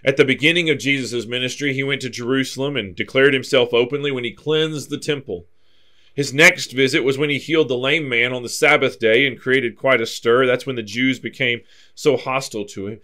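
A man's voice: medium pitch, a little fast. Man teaching a verse-by-verse Bible class. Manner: explanatory, steady, reads scripture aloud then comments.

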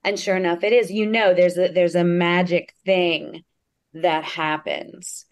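A woman comedian on a video call, telling a personal story in an animated way and acting out the quotes. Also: fairly low pitch, a little slow. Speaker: comedian guest.

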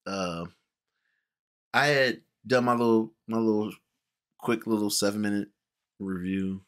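Man, host, casual movie review talk, animated, bright tone, acts out quotes. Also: on the low side, a little slow. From Cincinnati, USA. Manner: animated, repeats words, acts out quoted people. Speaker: podcast host.

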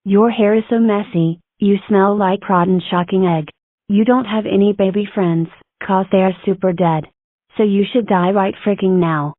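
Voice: mid-range voice, steady tone, moderate pace, no echo, narrow, tinny audio, natural voice. A fan animator voicing a spiteful evil cartoon clone girl who taunts rudely. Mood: taunting. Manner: taunting, rude.

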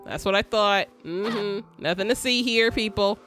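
A woman's voice: mid-range voice, measured pace, fairly bright tone, faint music behind. A young woman streamer giving joking, slangy commentary while playing a game. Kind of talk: casual gameplay commentary.

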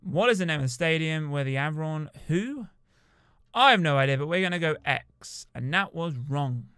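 A young man chatting casually and excitably as he plays a rugby video game. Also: a little high, moderate pace, clear, resonant tone, no echo. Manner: chatty, excitable, cheers on his team. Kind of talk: casual gameplay commentary.

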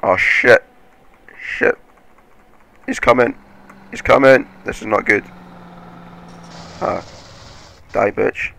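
A man giving casual, excitable game commentary, swearing often and laughing at his own play. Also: lowish voice, slow, vocal fry, pauses often. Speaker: gaming commentator.

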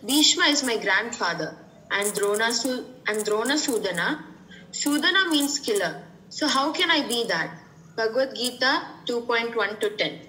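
A woman student reads a scripture commentary aloud to the class in a plain, steady way. Her voice is bright and forward and sits a little high. A faint ambient hiss runs underneath. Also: moderate pace, low-quality recording.

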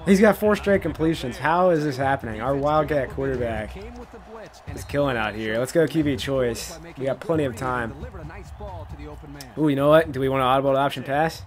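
A man giving casual commentary while playing a football video game, thinking aloud about his plays and breaking into excited laughter; his voice cracks now and then. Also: medium pitch, moderate pace, long pauses. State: voice cracking, coughing.

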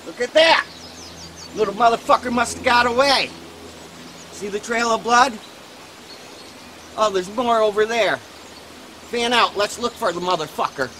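A man's voice: very high-pitched, measured pace, pauses often, sharp tone, a little hiss or hum, full character voice. A man playing a foul-mouthed, short-tempered hunter grumbling in the woods. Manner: profane, grumbling.

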